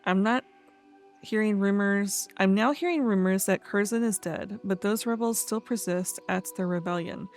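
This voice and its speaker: Woman gamer host, mid-pitched, reads quest dialogue aloud between chatty asides; faint game music behind. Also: moderate pace, a little mellow. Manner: chatty, laughs often, stumbles over fantasy names. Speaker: let's play host. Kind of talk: casual gameplay commentary, reading quest text aloud.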